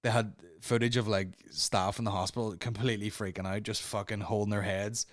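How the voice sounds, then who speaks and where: A man's voice: on the low side, flat delivery, a little fast, no echo, clean studio sound. A man hosting a comedy podcast, rambling through a profane monologue and laughing at his own jokes. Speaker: podcast host.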